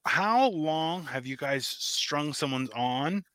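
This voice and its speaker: Guy on a comedy podcast, bright punchy voice, acts out dialogue, swears a lot. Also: a little high, takes it slowly, no echo. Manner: animated storytelling, acts out quoted dialogue, swears freely. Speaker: podcast guest or co-host. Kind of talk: casual comedic chat.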